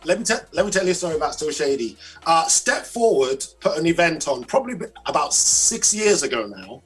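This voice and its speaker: Man as an interview guest, high and husky, emphatic, faint music behind. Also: very animated, a little fast, fairly bright tone. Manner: emphatic, storytelling. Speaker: guest, gospel music promoter. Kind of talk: casual chat.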